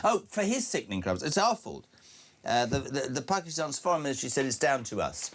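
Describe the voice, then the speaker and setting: A man's voice: mid-range voice, very animated, brisk, a bit bright. A man hosting breakfast talk radio, reading out listener messages with wry asides and working up into indignant rants. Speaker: radio breakfast show host.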